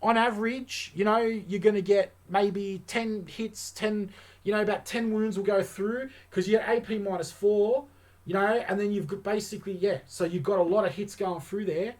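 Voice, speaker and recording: A man breaks down tabletop game rules in an easygoing, excited way, often pausing on "um" and "you know" as he works things out. His voice sits a little higher than most men's. It sounds like a relaxed hobby channel host chatting to viewers. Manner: enthusiastic, chatty, thinks aloud with many fillers.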